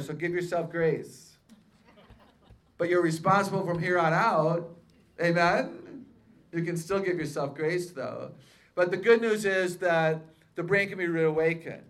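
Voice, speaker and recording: A woman and author speaking to a live audience at a faith-based seminar, peppering them with questions and playful self-mocking humor. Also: lowish voice. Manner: lively, quizzes the audience with questions.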